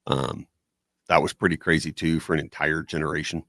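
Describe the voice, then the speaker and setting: A man's voice: extremely low pitch, level tone, a little fast, vocal fry, a bit bright, dry recording. A man guesting on a radio talk show, talking casually and hedging his points, in a studio. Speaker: guest from a comic convention.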